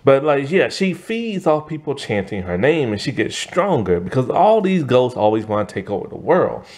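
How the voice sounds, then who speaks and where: A man's voice: medium pitch, sing-song, normal speed, darkish tone. A man casually reviewing a cartoon episode, rambling with lots of fillers and self-corrections, a little tired. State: tired, yawning. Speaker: show reviewer.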